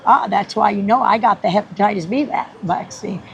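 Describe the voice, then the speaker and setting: A woman guest on a podcast telling a story in an animated, rambling way, laughing often and acting out the people she quotes. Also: mid-range voice, a little fast, gravelly, slight background noise, rough recording. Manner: rambling with many restarts.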